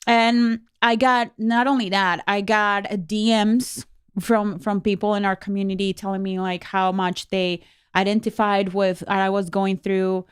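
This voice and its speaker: A woman's voice: mid-range voice, little pitch movement, measured pace, clear, resonant tone, no room sound, studio quality. A woman whose first language is Spanish, co-hosting a podcast in casual, candid chat, with fillers and restarts. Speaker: podcast co-host.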